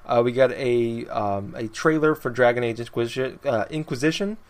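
A young man in a relaxed gaming podcast chat, running down his notes in a loose, rambling way. He laughs often between points, and his voice sits at an ordinary middle pitch. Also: normal speed. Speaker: podcast host.

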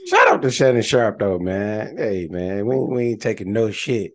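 Deep-voiced, laid-back male co-host. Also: big pitch swings, moderate pace, crowd noise. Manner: laid-back, rambling, slangy. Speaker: podcast co-host. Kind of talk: casual podcast chat.

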